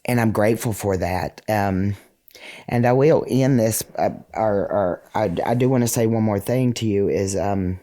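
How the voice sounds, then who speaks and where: A man with a mellow, relaxed tone speaking slowly through his emotions. He pauses, restarts and fills gaps with "um" as he thanks the person across from him. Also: on the low side. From rural United States. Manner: halting, grateful, many fillers and restarts. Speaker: interview guest. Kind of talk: emotional conversation.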